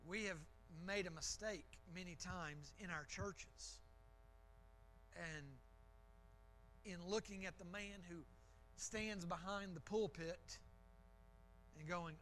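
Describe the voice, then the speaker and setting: Guy preaching in church, pretty high voice, chatty and emphatic, keeps restarting, faint hum behind him. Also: slow, pauses often, fairly bright tone, rough recording. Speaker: pastor. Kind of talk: sermon.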